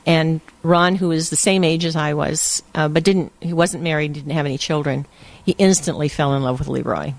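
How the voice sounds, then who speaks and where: Gravelly older woman telling stories. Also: low-pitched, moderate pace, few pauses. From Hawaii. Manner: laughs often, lively anecdotes. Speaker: interview guest. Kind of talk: casual storytelling.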